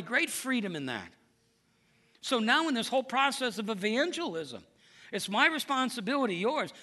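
A man's voice: very high voice, sharp tone. A male pastor preaching a sermon in an emphatic, conversational way.

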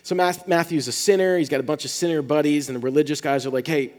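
A man preaching a sermon as pastor, talking in a casual, animated way and often restarting his words. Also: on the high side, fast talker, in a large hall.

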